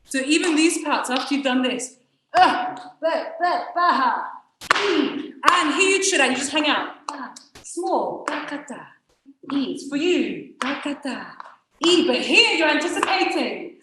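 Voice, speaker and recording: A woman's voice: high-pitched, lively intonation, measured pace. A woman teaching a flamenco dance workshop, energetically counting the rhythm aloud in syllables. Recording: echoey room, distant mic, loud noise.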